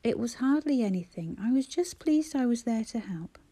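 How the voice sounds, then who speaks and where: A woman's voice: on the high side, animated, moderate pace, mellow, slightly rough. A woman voicing a polite, wry young mother.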